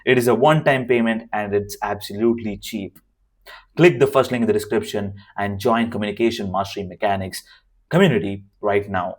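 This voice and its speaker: A man with a worn, hoarse voice giving an unscripted to-camera lesson as a communication coach, emphatic and repeating his key phrases. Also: lowish voice, steady tone, fairly quick.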